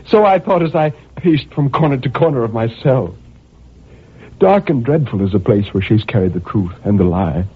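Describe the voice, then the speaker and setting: A raving husky murderer. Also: male voice, mid-range voice, lively intonation, moderate pace. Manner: swings between manic laughter and brooding menace. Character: tormented male murderer raving in his cell. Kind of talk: old-time radio drama monologue. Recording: muffled vintage radio recording.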